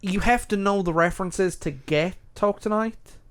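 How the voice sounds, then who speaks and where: A man's voice: high voice, moderate pace, smooth. A British man co-hosting a podcast, chatting casually and arguing his picks with many restarts. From United Kingdom. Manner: opinionated, animated, with many restarts. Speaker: podcast co-host. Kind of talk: casual chat ranking songs.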